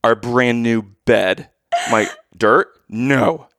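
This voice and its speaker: A man's voice: medium pitch, slow, fairly bright tone, no room sound. A man in casual chat, chiming in on his wife's story with dry, teasing corrections. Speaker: husband chiming in.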